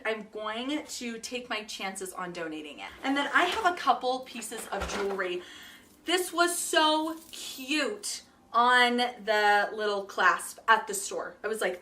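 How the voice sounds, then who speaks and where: A woman in her thirties chatting casually in a home vlog, upbeat and quick to laugh, sorting through her things. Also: a little high, pushed and bright, recorded from a distance. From Utah. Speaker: home organizing vlogger.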